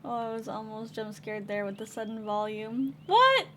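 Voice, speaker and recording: A woman's voice: a little high, level tone, normal speed, darkish tone, a little hiss or hum. Giggly young woman chatting on a stream. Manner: chatty, giggly, reads and answers chat aloud. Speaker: livestream host. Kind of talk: casual stream chat. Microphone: desk microphone.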